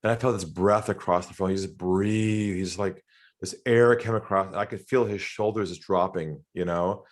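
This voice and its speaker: A middle-aged Australian man, a sales trainer, talks through an interview with a fairly low voice. He tells anecdotes with lively energy and jumps into acted quotes, laughing as he goes. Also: normal speed. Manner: animated storyteller, acts out quoted voices, laughs often. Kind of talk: storytelling interview talk.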